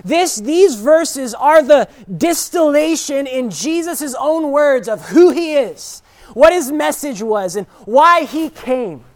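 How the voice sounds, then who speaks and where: A preacher delivering an expository sermon, stressing single words and rising to shouted declarations. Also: high voice, animated. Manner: slow, deliberate emphasis on single words.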